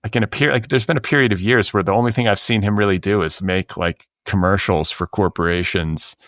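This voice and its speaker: Brief: middle-aged male podcast co-host, lowish voice, dry close sound, wry and rambling. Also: fairly even intonation, fairly quick, fairly bright tone, dry recording. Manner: rambling, wry, many filler words. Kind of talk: casual chat.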